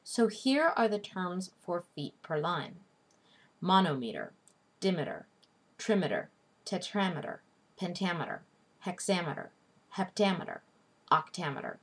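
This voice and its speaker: A woman teaching a recorded lesson in a slow, deliberate, scripted way, spelling out each term. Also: on the low side, lively intonation, slightly rough. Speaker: literature teacher. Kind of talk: scripted video lecture.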